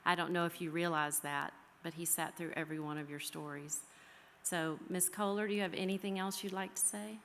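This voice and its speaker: A woman from the American South, a history teacher, reading her own poem aloud and then speaking warmly and folksily to her students. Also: on the low side, fairly even intonation, brisk, creaky, a little hiss or hum. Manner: heartfelt, folksy, says y'all. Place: school chapel. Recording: reverberant hall.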